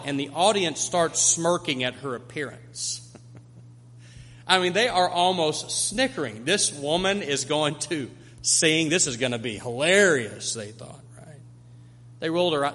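A man's voice: a little high, bright, forceful tone. A male pastor delivering a sermon, preaching with emphatic repetition to a congregation. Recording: long hall reverb.

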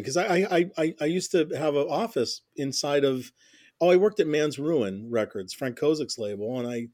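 A man's voice: fairly high pitch, darkish tone, no room sound, studio quality. A middle-aged man telling stories in a casual interview, rambling with many restarts and constant "you know"s. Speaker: interview guest, music journalist.

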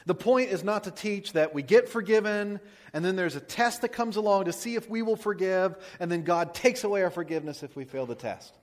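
A man preaching a sermon as a pastor, telling a story with lively emphasis and dropping to quiet, soft lines for his points. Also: high voice, fairly quick. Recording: long hall reverb.

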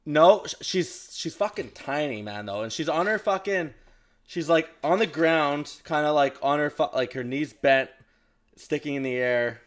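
A young man talks on a casual podcast, his voice sitting a bit high for a man. He tells his story with animated energy and swears freely along the way. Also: moderate pace. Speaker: podcast host. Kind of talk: casual chat.

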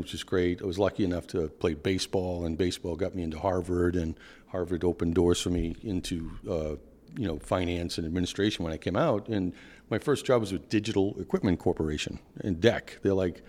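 A man's voice: low-pitched, steady tone, fairly quick, darkish tone, long reverb tail. An older man with a Boston accent, talking through his career as an interview guest, rambling with restarts and plenty of enthusiasm. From Boston area. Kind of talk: conversational interview.

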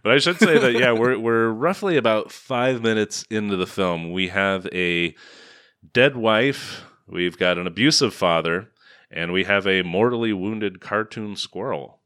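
A man co-hosting a casual film-review podcast, sarcastic and quick to laugh, his sentences trailing off quietly at times. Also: lowish voice, no room sound, clean studio sound. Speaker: podcast co-host.

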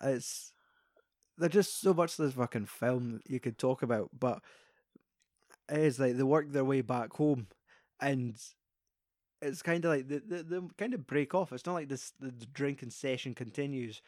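A Scottish man in casual conversation, recapping a film scene by scene with plenty of swearing. His voice sits at a middling pitch and sounds close and dry, with hardly any room around it. He slips into quick impressions of the characters as he goes. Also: a little mellow, no room sound.

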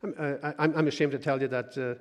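A man preaching a sermon, moving between loud urging and soft, hushed asides. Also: medium pitch, steady tone, quick pace. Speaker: pastor. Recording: long hall reverb.

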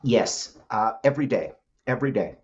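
A middle-aged man, a guest entrepreneur, giving an animated storytelling answer with frequent laughs and restarts. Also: medium pitch, normal speed, breathy edge, highs cut off.

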